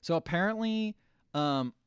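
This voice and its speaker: A young man co-hosting a casual podcast, recapping a movie in a rambling, deadpan way. His pitch moves up and down freely, and he often trails off mid-thought. The voice sits close and dry. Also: unhurried, clean tone, no echo. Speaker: podcast co-host.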